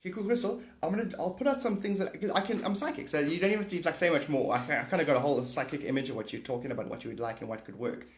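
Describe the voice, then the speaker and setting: Brief: excitable man livestreaming, rambling and swearing, slightly high voice, echoey room. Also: rapid-fire, few pauses, a little hiss or hum. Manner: rambling, excitable, swears freely, self-interrupting. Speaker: livestream host. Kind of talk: casual livestream chat.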